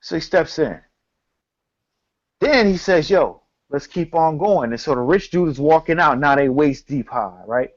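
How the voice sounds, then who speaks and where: A man co-hosting a casual talk show, telling a story in an animated, slangy, profane way. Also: on the high side, measured pace, highs cut off. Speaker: podcast co-host.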